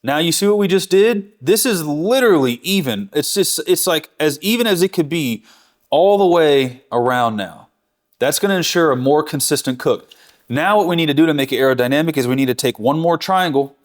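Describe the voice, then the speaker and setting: A barbecue instructor with a voice on the high side, expressive and at normal speed, walks viewers through a cooking task step by step in real time. He's casual, enthusiastic and chatty, correcting himself as he goes.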